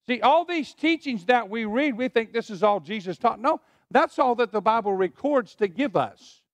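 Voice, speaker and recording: A middle-aged man preaching in a church, his voice riding high and swinging widely in pitch. He leads the congregation to repeat phrases back to him. The sound is close and dry. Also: expressive, moderate pace, dry recording. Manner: preaching with call-and-response to the congregation. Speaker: pastor. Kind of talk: sermon. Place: church sanctuary.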